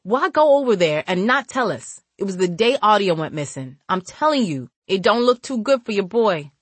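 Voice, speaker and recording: A woman's voice: mid-range voice, big pitch swings, normal speed, breathy edge, dry recording. A woman voicing a suspicious insistent young man. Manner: street slang, pushy questioning.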